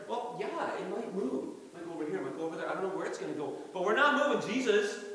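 A man preaches a sermon from the front of a church, his voice sitting a little high for a man. He is animated, acting out quotes and chuckling often as he goes. The sound carries a heavy, lingering hall reverb from the sanctuary. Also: fast, hardly any pauses. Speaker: pastor. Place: church sanctuary during a service.

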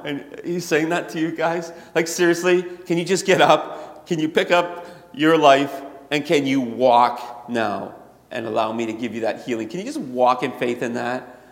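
A man preaching a sermon in a conversational way that builds to animated emphasis, heard in a church hall. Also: fairly high pitch, moderate pace, vocal fry. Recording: echoey hall, long reverb.

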